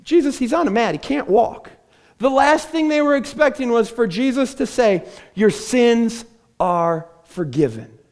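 A man's voice: very high voice, animated, normal speed, a little mellow. A man preaching a sermon from a church stage, telling the story with animation and acting out the voices of the people in it. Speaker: pastor.

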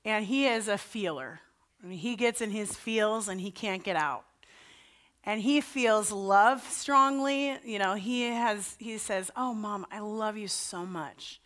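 A woman's voice: mid-range voice, measured pace, fairly bright tone. A woman pastor giving a sermon in a chatty, story-telling way, with self-deprecating asides.

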